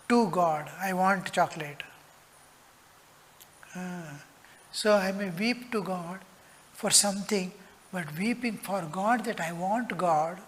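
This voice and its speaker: Slow earnest monk in echoing hall. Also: male voice, high voice, a bit bright, slight background noise. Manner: slow, earnest, dropping to whispers. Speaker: monk teacher. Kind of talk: spiritual discourse. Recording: long hall reverb.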